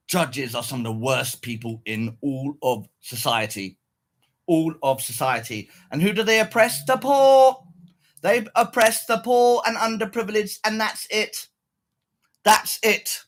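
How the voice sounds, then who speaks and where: Angry high-voiced man ranting. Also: fairly bright tone. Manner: angry, swearing, repetitive. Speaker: streamer addressing viewers. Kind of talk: heated rant to camera.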